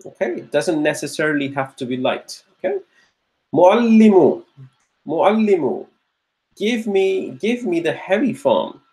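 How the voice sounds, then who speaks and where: A man with a somewhat high, darkish voice teaches a live online grammar class at normal speed with few pauses and big pitch swings. His questioning is patient, encouraging drill work: he repeats questions and praises students by name as they reply. The recording is rough.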